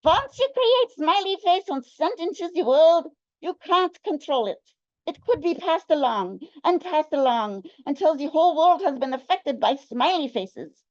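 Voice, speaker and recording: Woman as a formal Russian-accented agent, high-pitched, lively, stern, drops articles. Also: a little slow, no echo. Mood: grave. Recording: dull, dry sound.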